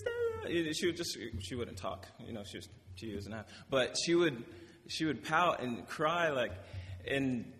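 This young preacher's voice is medium in pitch and fairly bright. In a hall with a long echo, he reads from scripture before drifting into loose, casual stories for an informal sermon, frequently correcting himself and laughing between his points.

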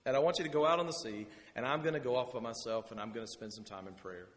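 A man's voice: mid-range voice, fast talker, lightly acted. A man voicing Jesus as a casual, exasperated man, paraphrasing in everyday speech. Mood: musing. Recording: long hall reverb.

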